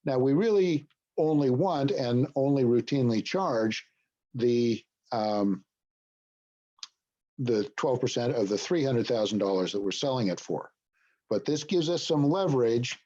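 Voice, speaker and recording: A man's voice: mid-range voice, lively intonation, unhurried, mellow, muffled recording. A man leading a business broker training, explaining points and checking in with "okay?". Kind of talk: training session talk.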